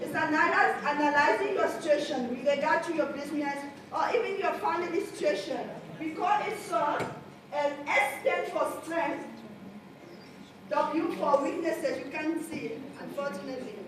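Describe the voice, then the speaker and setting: A woman's voice: sits high, normal speed. A woman with a French accent giving a motivational coaching talk to a live audience, calling out to the crowd and leading them in repeating phrases. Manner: energetic, calls out to the crowd and leads call-and-response. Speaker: life coach. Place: large hall with an audience. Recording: echoey hall, far from the mic, crowd and noise.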